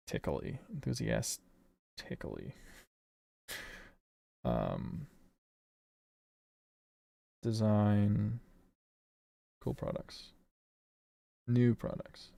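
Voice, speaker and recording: Gravelly, lively-voiced male streamer. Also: on the low side, dry recording. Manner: rambling, self-correcting, swears and laughs often. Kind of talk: casual livestream thinking aloud.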